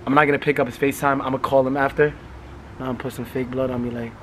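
A man's voice: mid-range voice, flat delivery, racing, a little hiss or hum. A man in his late twenties, chatting casually in a prank vlog, laughing through his words in loose slangy talk. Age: late 20s. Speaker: vlogger pranking friends.

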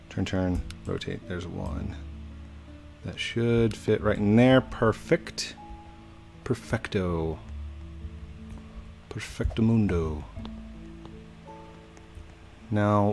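A man's voice: on the low side, vocal fry. Playful young man narrating gameplay. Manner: playful, chatty, laughs often. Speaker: gaming YouTuber. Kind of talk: casual gameplay commentary.

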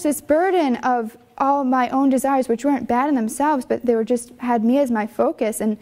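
A woman's voice: high-pitched, moderate pace, few pauses, mellow, a little hiss or hum. A young woman, a religious sister, telling her vocation story in an earnest, conversational way, full of fillers and emotion. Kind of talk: personal vocation testimony.

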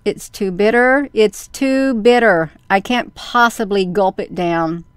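A woman's voice: mid-range voice, slow pace, clean tone, no echo, natural voice. A woman voicing a whining, stubborn wooden puppet boy in a storybook reading. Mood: wailing. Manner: whining, wailing protests.

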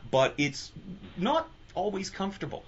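A man's voice: high voice, very animated, a little slow, husky. A man hosting an interview as an astrologer, asking thoughtful questions. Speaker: host, astrologer. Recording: dull lo-fi audio.

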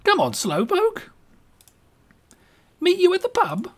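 A man voicing a cheery male mudlark in a bad put-on English accent, high and swooping. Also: wildly swooping pitch, slow pace, full character voice. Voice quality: high, sing-song, swooping.

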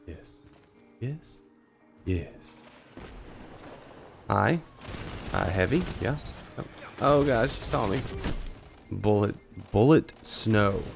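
A man gives casual live commentary on his gameplay while fighting a cold. His low, gravelly voice jumps around in pitch, and he chats freely with teammates and viewers between coughs. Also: animated, very slow, long pauses, faint music behind. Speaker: gaming streamer.

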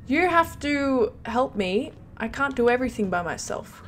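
Female gameplay host: high voice, slow, panicky and excitable in her comments. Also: a little hiss or hum. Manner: excitable, panicky, given to squeals and repeated exclamations. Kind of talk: let's play commentary.

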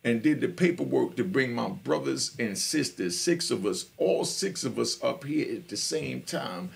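This Jamaican man hosts a live podcast, recounting his life story in street talk and frequently checking that his listeners are following. His mid-range voice is animated and creaky, delivered at a measured pace.

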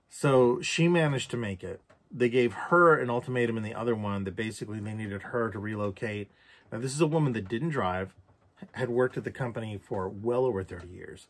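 A man's voice: mid-range voice, fairly quick. A man recounting a personal story for a journal vlog, candid and reflective, with casual swearing. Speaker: vlogger.

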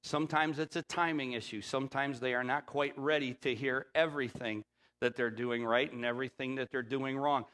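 A middle-aged man delivers a sermon from the pulpit with a mid-pitched voice. He builds to loud, emphatic points and then falls to a low, hushed tone for quoted lines. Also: steady tone, brisk. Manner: emphatic preaching with rising, loud peaks; drops to a low, quiet voice when quoting the Spirit. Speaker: pastor.

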